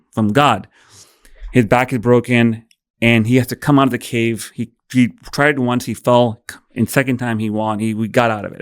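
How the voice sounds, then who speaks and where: A man's voice: lowish voice, no echo, studio quality. A man in his thirties, a podcast guest, telling an emotional story, acting out dialogue and swearing freely. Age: 30s.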